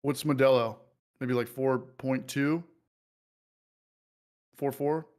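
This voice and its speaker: A man's voice: medium pitch, steady tone, slow pace, darkish tone. Guy hosting a beer stream, loose and jokey, reads out chat comments. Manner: loose and joking, reads viewer comments aloud. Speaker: livestream host. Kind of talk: casual livestream chat.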